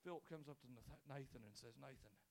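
A male pastor preaching a sermon in church, swinging from loud pleading to quiet, intimate talk. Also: mid-range voice, quick pace, slight background noise. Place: church sanctuary.

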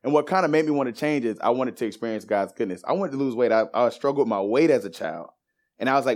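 A man in his thirties giving a personal faith testimony, telling it as a lively story and acting out the voices of the people in it. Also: mid-range voice, quick pace. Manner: animated storyteller who acts out quoted voices.

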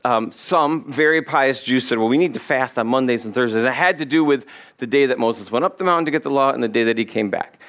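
A pastor preaching a sermon, slowing down to stress key words and putting questions directly to his congregation. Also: medium pitch, a bit bright. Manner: emphatic, slows to stress key words, quotes scripture.

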